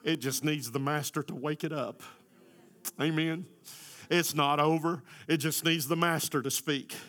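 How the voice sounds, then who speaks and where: A middle-aged man preaching a sermon as pastor, swinging from quiet storytelling to loud, climbing exhortation. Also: a little high, steady tone, measured pace. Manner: builds from soft storytelling to loud, rising exhortation.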